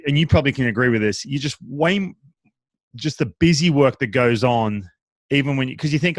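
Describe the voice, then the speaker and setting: A man with an Australian accent hosting a casual interview, asking energetic, rambling questions full of restarts. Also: medium pitch, quick pace, no echo. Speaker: podcast host.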